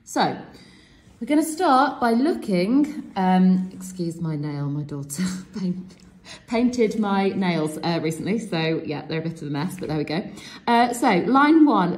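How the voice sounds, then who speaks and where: A French teacher, a woman with a fairly low, darkish voice, walks her students through a self-quiz method step by step in a classroom demonstration. She cheers them on encouragingly throughout.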